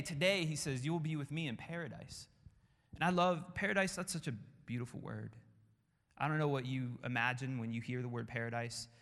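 A man preaching a sermon with passion, building through repeated phrases and dropping to hushed tones. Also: fairly high pitch. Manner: impassioned, rhythmic repetition, drops to hushed tones. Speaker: pastor. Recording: long hall reverb.

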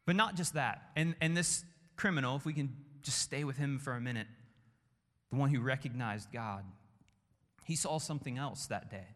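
A man preaching a sermon with passion, building through repeated phrases and dropping to hushed tones. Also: mid-range voice, moderate pace. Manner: impassioned, rhythmic repetition, drops to hushed tones. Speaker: pastor. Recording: long hall reverb.

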